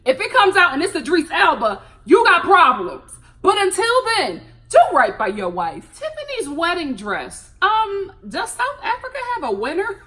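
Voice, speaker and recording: A young American woman with a high, bright voice and a pitch that swings widely. She reviews a reality show in a sassy, animated way and laughs often. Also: moderate pace. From United States. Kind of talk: casual reality TV commentary.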